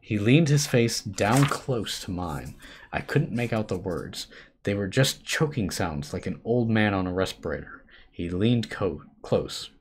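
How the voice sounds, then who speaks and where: A man hosting a live stream, reading a horror story aloud with expressive shifts between hushed and urgent delivery. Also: fairly low pitch, unhurried, slight background noise. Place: home streaming setup.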